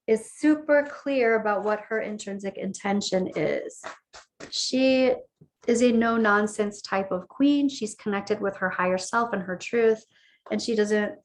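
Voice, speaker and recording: A woman talks through a tarot reading in a loose, conversational way. Her voice sits at an ordinary middle pitch. She often restates and rephrases a line before moving on to the next card. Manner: conversational, repeats and rephrases phrases. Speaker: tarot reader. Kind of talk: casual spoken tarot reading.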